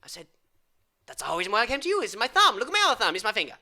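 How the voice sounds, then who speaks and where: Male improv comic: high, very bright voice, rambling absurd patter with mock-foreign phrasing. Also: huge pitch swings, rapid-fire. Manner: rambling absurd patter, swinging from loud outbursts to whispers. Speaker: improv comedian.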